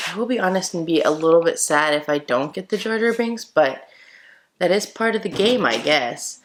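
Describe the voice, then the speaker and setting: A woman vlogger chatting excitedly to her viewers while opening mystery boxes for an unboxing video. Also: on the low side, rough recording. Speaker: toy collector vlogger. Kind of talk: casual unboxing vlog.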